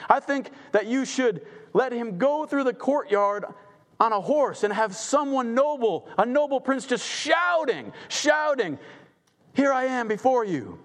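A man's voice: very high voice, animated, a little slow, a bit bright, pitched above the performer's own voice, full character voice. A man playing a vain, boastful royal official in a hall with a long reverb. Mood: gloating. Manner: boastful, self-satisfied.

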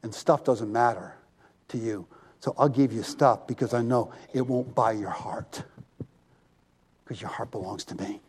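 A man's voice: very high-pitched, wildly swooping pitch, normal speed, voice pushed up, exaggerated voice. A male preacher voicing God as a generous, reassuring figure inside his sermon. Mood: tender.

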